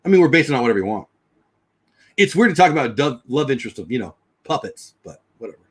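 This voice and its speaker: A man hosting a casual livestream, chatting and thinking out loud as he answers viewers. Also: medium pitch, very animated, quick pace, slightly rough. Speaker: livestream host. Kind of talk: casual livestream chat reading comments.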